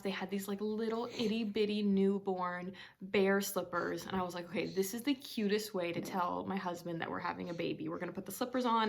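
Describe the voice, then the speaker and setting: Late 20s woman vlogging at home, low-ish voice w/ lots of fry, rambly and excited, says like a lot. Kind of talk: casual personal vlog. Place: at home in a bedroom.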